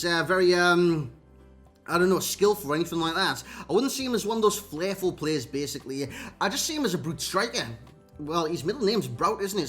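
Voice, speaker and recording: Geordie lad chatting over game clips, voice jumps up and down a lot. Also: male voice, high-pitched, a bit bright. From North East England. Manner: chatty, addresses viewers as lads and mate. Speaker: gaming YouTuber. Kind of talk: casual video game commentary.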